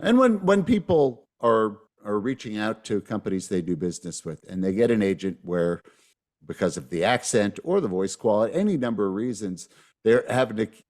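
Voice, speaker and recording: Male co-host, lowish voice, loose conversational delivery with fillers. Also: lively intonation, normal speed, darkish tone. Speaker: webinar co-host. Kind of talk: casual webinar talk.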